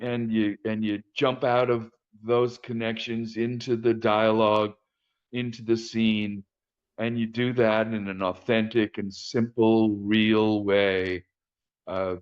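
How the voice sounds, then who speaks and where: A man's voice: fairly low pitch, smooth, muffled recording. An older man speaking as a casting director guest in an interview, telling frank stories with frequent hesitations and restarts. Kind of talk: interview conversation.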